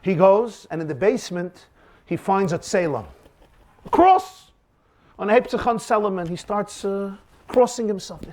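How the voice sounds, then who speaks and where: A man's voice: high voice, a little slow, a little mellow. A man teaching as a rabbi, telling stories and asking rhetorical questions in a dramatic, emphatic way. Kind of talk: lecture on faith with acted-out anecdotes.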